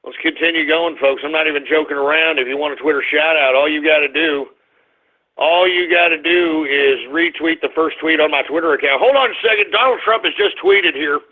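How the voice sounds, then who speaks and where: A man hosting an internet radio show, ranting with profanity and shouting outbursts. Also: fairly high pitch, fairly quick. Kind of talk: call-in internet radio rant. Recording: tinny phone-line quality.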